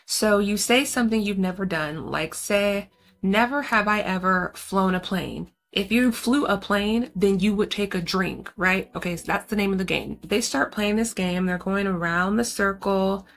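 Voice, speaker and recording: A woman's voice: mid-range voice, moderate pace, a bit bright. Chatty woman recapping a horror movie. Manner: chatty and slangy, talks straight to viewers. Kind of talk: casual spoken movie recap.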